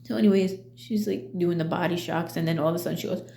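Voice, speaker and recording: Middle-aged woman vlogger, hesitant and full of fillers; warm dark tone, roomy recording. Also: on the low side, level tone, gravelly, slight background noise. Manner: halting, full of fillers and restarts. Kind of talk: casual personal vlog.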